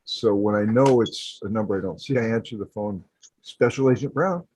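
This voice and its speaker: A man's voice: fairly low pitch, steady tone, a little fast, darkish tone, a little hiss or hum. A man chatting casually on a podcast, playful, laughing often and acting out silly phone voices. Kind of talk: casual chat. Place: home setup on a video call.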